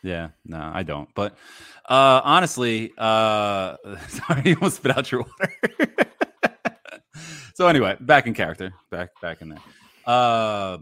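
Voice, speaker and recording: A man guesting on a podcast, talking basketball in a rambling, animated way over a remote call. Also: lowish voice, a little slow, no room sound. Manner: animated, rambling, laughs easily. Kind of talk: casual sports chat.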